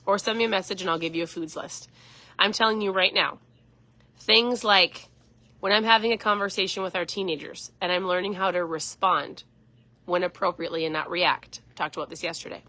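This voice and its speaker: A woman's voice: fairly low pitch, steady tone, brisk, bright, forceful tone, dry recording. A woman in her forties, a keto coach, chatting earnestly on a casual live stream.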